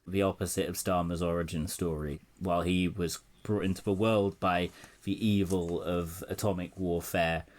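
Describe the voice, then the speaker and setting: A man's voice: low-pitched, fairly even intonation, moderate pace, few pauses. A man hosting a casual political chat, sardonic and swearing freely. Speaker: podcast host.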